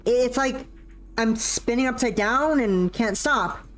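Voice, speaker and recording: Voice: medium pitch, a little slow, fairly bright tone, pitched above the performer's own voice, close to an everyday voice. A streamer putting on a brash, teasing young woman pilot. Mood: queasy, snappish. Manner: taunting, blunt. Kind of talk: visual novel dialogue read aloud.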